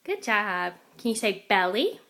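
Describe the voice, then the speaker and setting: A mother patiently coaxing her toddler to repeat words, saying each one slowly and clearly at home. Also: medium pitch, sing-song, a bit bright. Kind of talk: coaching a toddler to speak at home.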